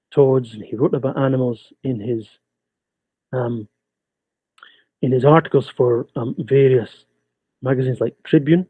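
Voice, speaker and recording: A man from Scotland, giving a measured, explanatory webinar lecture as a guest speaker over a video call. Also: mid-range voice, dark tone, no room sound. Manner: measured, explanatory, pausing often. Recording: tinny, dry video-call audio.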